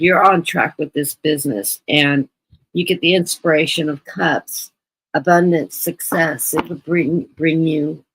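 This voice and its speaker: Husky-voiced woman reading tarot. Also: deep voice, dry recording, poor audio. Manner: chatty, repeats words for emphasis. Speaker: guest tarot reader. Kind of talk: live-stream tarot reading. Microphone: computer mic on a live stream.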